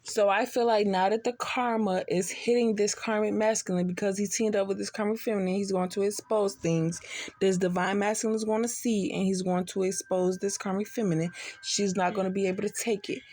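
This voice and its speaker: A woman's voice: mid-range voice, fairly even intonation, brisk, a little mellow. A tipsy woman giving a casual spiritual reading, blunt and profane, full of streetwise slang. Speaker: tarot reader.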